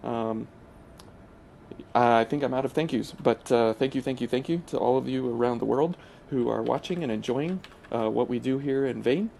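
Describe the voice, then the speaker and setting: Man, gaming channel host, casual gameplay commentary, hesitant with fillers, warm dark tone, faint hiss behind. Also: mid-range voice, normal speed, creaky. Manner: hesitant, full of uh fillers and restarts.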